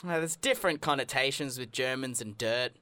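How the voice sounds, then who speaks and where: A man's voice: mid-range voice, a little fast, bright, forceful tone, no echo. A man co-hosting a comedy podcast, riffing in a mock-boastful, joking way. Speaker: podcast co-host.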